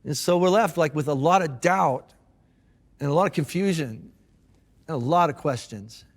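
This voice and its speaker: A man preaching a casual sermon, telling the story in a relaxed, chatty way with slang and repeated words. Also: on the high side, normal speed, in a large hall. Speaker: pastor. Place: church auditorium.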